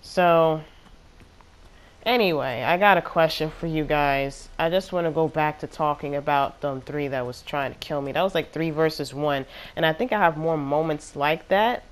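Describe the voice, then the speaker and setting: Gaming host, female, low-ish voice, chatty and rambling gameplay commentary. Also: normal speed. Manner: chatty, exasperated, rambling with fillers.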